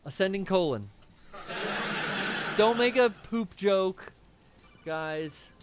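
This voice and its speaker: A man co-hosting a game stream, excitable and jokey, cursing often while commenting on play. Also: sits high, slow, noisy background. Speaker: streamer co-host. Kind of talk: casual gameplay commentary.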